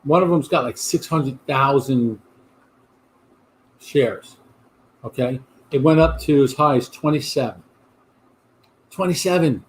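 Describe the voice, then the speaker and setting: A man's voice: mid-range voice, a little slow, long pauses, a little hiss or hum. A middle-aged man hosting a casual livestream chat, rambling and talking back to viewer comments. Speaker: host of a livestream chat show.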